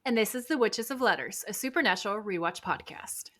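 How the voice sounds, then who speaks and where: A woman co-hosting a podcast in casual chat, playful and quick to laugh. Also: medium pitch, expressive, a bit bright. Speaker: podcast co-host.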